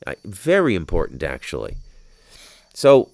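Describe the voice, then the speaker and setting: A man's voice: low voice, wildly swooping pitch, measured pace, creaky, dry recording. A man hosting a podcast, delivering a rambling spiritual monologue from an outdoor patio, heavy with swearing and flaring into heated outbursts. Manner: profane, rambling, swings into heated shouting. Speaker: podcast host.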